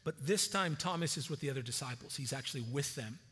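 A man preaching a sermon as a pastor, conversational and animated, often repeating words as he starts a phrase. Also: mid-range voice, fast, husky, in a large hall.

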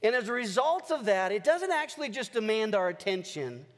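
A man preaching a sermon as pastor, energetic and rousing his congregation. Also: high-pitched, a little fast. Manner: energetic, leads the congregation in call-and-response cheers. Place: large church hall. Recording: long church hall reverb.

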